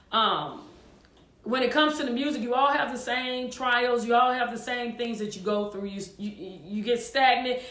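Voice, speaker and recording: A woman's voice: on the high side, fairly bright tone. Encouraging woman host in an echoey room. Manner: encouraging, chatty, frequent fillers. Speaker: choir director and show host. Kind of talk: casual talk to viewers.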